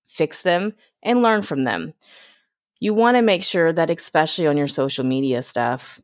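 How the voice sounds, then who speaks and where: A woman's voice: deep voice, dry recording. A woman hosting a podcast, giving blunt, preachy advice in a direct way. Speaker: podcast host. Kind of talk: advice monologue. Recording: dull, dry lo-fi sound.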